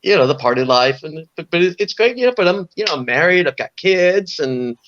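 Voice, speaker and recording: A middle-aged man from Southern California, a guest musician telling lively stories in an interview, acting out voices and laughing often. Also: fairly high pitch, fairly quick, a little hiss or hum. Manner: animated storyteller, acts out voices, laughs often. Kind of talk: storytelling in an interview. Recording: dull lo-fi audio.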